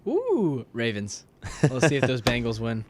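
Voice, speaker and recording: Animated young man hosting sports chat. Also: mid-range voice, measured pace. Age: young adult. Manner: animated, teasing. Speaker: host.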